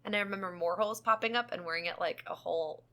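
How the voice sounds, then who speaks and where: A woman's voice: fairly low pitch, quick pace, fairly bright tone. A woman co-hosting a podcast, chatting casually in a rambling, giggly way. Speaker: podcast co-host. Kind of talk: casual chat.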